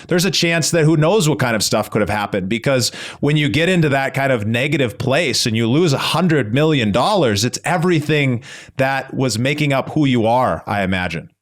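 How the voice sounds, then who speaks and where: A man hosting a podcast who responds to his guest in an earnest, reflective, empathetic way. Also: mid-range voice. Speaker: podcast host. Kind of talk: interview reflection.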